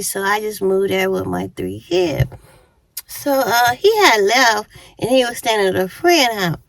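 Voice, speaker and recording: Slightly high with vocal fry and a fairly bright tone, this YouTuber's voice comes through poor audio with no room sound. In her fifties, she eats while chatting to viewers, casually telling a storytime on her vlog and laughing often.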